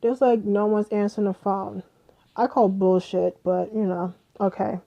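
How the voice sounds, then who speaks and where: A young adult woman casually retelling a story, animated and profane, acting out what everyone said. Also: medium pitch, unhurried, vocal fry, highs cut off. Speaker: vlogger.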